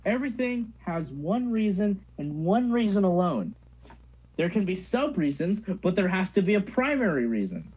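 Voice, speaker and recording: Teasing teen guy with a husky voice. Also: sits high, very animated, normal speed, darkish tone. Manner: teasing, rambling with many "like" fillers. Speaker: podcast co-host. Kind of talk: casual chat. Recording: dull lo-fi sound.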